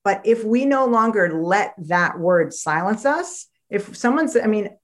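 A woman author, a guest on a podcast, talking in an animated storytelling way and acting out quoted voices. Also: medium pitch, unhurried. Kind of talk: podcast interview conversation.

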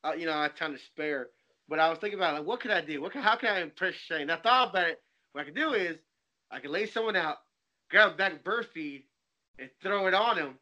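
Bright high-voiced man telling stories. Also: quick pace, dull audio. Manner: animated storyteller, laughs often, swears freely. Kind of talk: casual banter among friends.

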